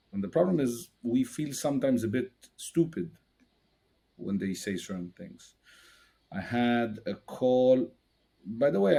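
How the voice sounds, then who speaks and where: Mellow-voiced male interview host. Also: mid-range voice, vocal fry. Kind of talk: conversational interview.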